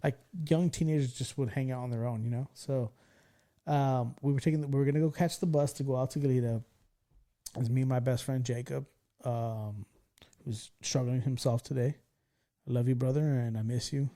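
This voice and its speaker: A man in his thirties hosting a podcast, telling a story in casual chat, animated, laughing and swearing freely. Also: medium pitch, a little fast. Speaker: podcast host.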